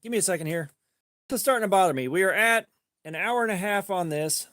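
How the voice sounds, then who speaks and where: A man streaming live, telling a rambling, profane story in a casual way and getting animated when he quotes people. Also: high voice, quick pace, no room sound, clean studio sound. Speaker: livestream host.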